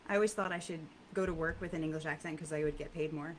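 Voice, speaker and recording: A woman singer chatting as a podcast guest, easygoing and quick to laugh. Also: low voice, fairly even intonation, low-quality recording. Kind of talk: casual chat. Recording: faint background noise.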